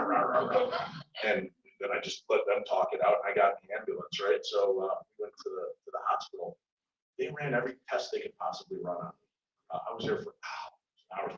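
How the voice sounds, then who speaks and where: Man, convention panelist, jokey storyteller, low voice, far-off mic, echoey dull sound. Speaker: paranormal TV show cast member, convention panelist. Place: large convention hall.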